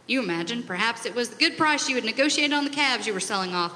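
Woman storyteller, bright and a little high, dramatic second-person delivery, long hall reverb. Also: lively intonation, fast talker, hardly any pauses. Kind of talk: second-person scripture retelling.

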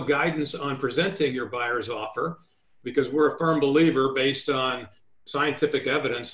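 A man's voice: mid-range voice, fairly bright tone, reverberant. A man giving real estate negotiation advice as a guest in an interview, emphatic and instructive, laying points out like a list. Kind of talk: remote interview.

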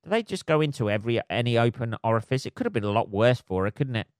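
A man talks alone into the mic for his podcast. He rambles from one point to the next, swears freely and laughs at his own jokes. His voice sits at an ordinary pitch in a dead, dry room. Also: big pitch swings, fast talker, dry recording. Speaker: podcast host. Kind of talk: solo podcast monologue.

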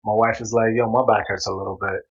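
A man in casual chat, telling a story in an animated way, swearing freely and acting out what people said. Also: fairly low pitch, fast talker, husky, lo-fi sound.

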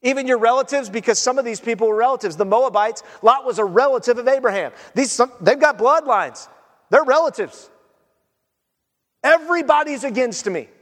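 High-pitched guy preaching, lively, acts out the quotes, big echoey church hall. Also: a little fast. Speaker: pastor. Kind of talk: sermon.

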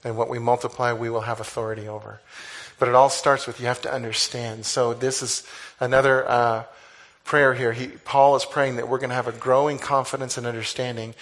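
A man preaching a conversational sermon, animated, with sudden exclamations. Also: mid-range voice, normal speed. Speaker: pastor.

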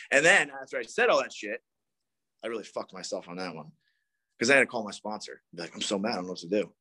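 A man's voice: mid-range voice, expressive, fast, bright, forceful tone, breathy edge. A man in his thirties telling a rambling, profane story at a recovery meeting. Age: 30s. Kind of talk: casual storytelling talk.

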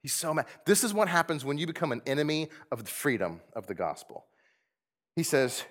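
A pastor with a fairly high voice delivers a conversational sermon at a fairly quick clip. He's animated, laughs often, and keeps posing rhetorical questions to his congregation.

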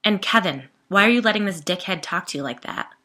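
A woman's voice: medium pitch, lively intonation, fairly quick, pushed and bright. A woman voicing a bold, cheerful woman in her early thirties who talks bluntly and with authority. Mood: commanding.

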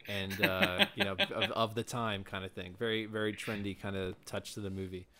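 A man's voice: on the low side, moderate pace, very noisy. A young man co-hosting a podcast, giving opinionated, casual movie review chat full of fillers. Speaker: podcast co-host.

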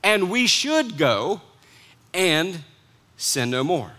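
A man preaching a sermon as pastor, earnest, dropping to soft hushed lines and rising to emphatic ones. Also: sits high, sing-song, drawn-out words.

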